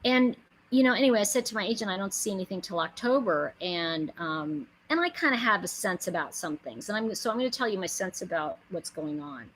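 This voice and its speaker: A middle-aged woman giving an animated inspirational talk to her viewers, telling stories, acting out quotes and building to emphatic pleas. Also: mid-range voice, a little fast, low-quality recording. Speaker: spiritual speaker and host.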